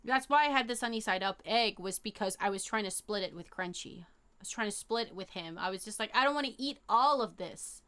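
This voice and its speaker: Bright-voiced young woman chatting casually. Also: medium pitch, brisk, smooth. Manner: rambling and animated, lots of fillers and slang. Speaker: live streamer. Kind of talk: casual chat to a live chat audience.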